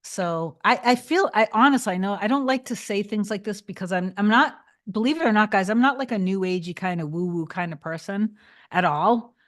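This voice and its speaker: A woman on a casual livestream, reading and answering chat. She talks in a rambling, chatty way, restarts a lot and turns soft and reassuring when she gives advice. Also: mid-range voice, fairly quick. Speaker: manifestation coach answering live chat.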